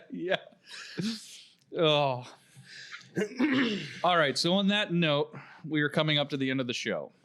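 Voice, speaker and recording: A young man co-hosting a casual gaming podcast, his voice sitting a little higher than most men's. He jokes around and laughs often while he talks. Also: animated, slow pace, pauses often, fairly bright tone. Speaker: podcast co-host.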